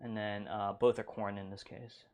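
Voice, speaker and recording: A man's voice: fairly low pitch, flat delivery, normal speed, darkish tone. A man teaching a programming lesson in a casual, loose way, full of fillers and playful sound effects. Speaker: instructor. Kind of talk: casual whiteboard lecture.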